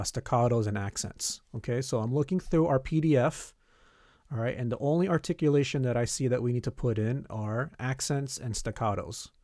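Dry-voiced man teaching notation software. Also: medium pitch, dry recording. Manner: step-by-step instructions with frequent "okay" and "all right". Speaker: band teacher. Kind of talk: screen-recorded software tutorial.

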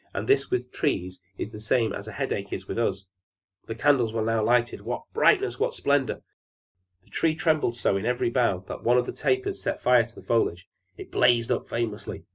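Male bedtime-story narrator, measured and gently expressive, husky voice. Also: medium pitch.

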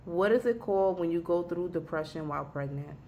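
A young woman talking at her home desk in a casual vlog, rambling and halting, close to tears. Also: lowish voice, animated, a little mellow, dull audio, a little hiss or hum. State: weepy, emotional. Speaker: vlogger.

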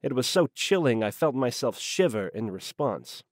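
A man narrating a hard-boiled noir audiobook in a wry, slangy, deadpan manner on a close microphone. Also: mid-range voice, moderate pace, dry recording.

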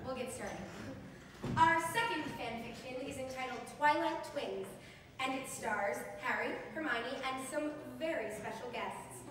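Bright-pitched woman emceeing a convention stage reading, heard from afar in a big reverberant room. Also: measured pace, pauses often. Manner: playful, self-amused. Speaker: writer and director of a live fan fiction show. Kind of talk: live stage reading with audience. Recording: roomy hall, distant mic, background noise.

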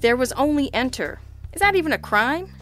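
A woman voicing a dry-witted male private detective who tosses off deadpan quips. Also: high-pitched, brisk, soft background music, pitched above the performer's own voice. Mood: wry. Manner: wry and deadpan, with offhand quips. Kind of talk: audiobook character reading.

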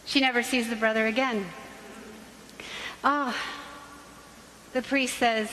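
A high-pitched woman with a bright, ringing tone gives a talk in a church. She tells a lively, humorous story about faith. The sound carries long reverb from the hall, with faint noise behind it. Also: slow, long pauses. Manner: lively storytelling, acts out parents and kids. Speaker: Catholic speaker.

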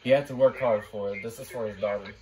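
A young man hosting a live race watch-along, shouting and cheering at the finish, then turning quiet and emotional, close to tears. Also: on the low side, fairly even intonation, fast talker. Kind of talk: live race reaction chat.

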